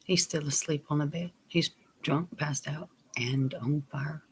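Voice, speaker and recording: A man telling a personal story on his vlog, plain and unhurried, sometimes dropping to a near whisper. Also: on the high side, steady tone, a little hiss or hum. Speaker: vlogger.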